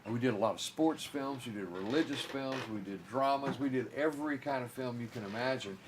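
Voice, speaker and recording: An older man, a guest in an interview, talking in a rambling way with halting restarts. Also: mid-range voice, background noise. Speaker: filmmaker guest.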